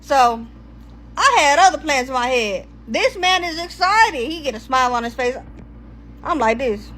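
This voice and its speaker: A woman's voice: high-pitched, lively intonation, moderate pace, fairly bright tone, slight background noise, rough recording. A young woman telling a rambling personal story in casual storytime style, swearing freely and stopping to find her place. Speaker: storytime vlogger.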